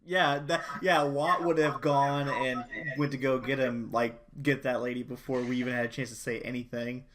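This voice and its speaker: A man's voice: mid-range voice, fairly even intonation, moderate pace, a crowd in the background. A man playing a tabletop game, laid-back and joking with the others. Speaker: player.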